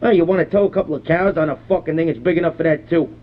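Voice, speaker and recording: A man's voice: a little high, very fast, natural voice. A man doing a foul-mouthed ranting rural guy. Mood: gruff, ranting. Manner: rambling, cursing constantly, belligerent. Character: crude foul-mouthed middle-aged rural man, hot-tempered. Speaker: prank caller. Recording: phone-line prank call recording.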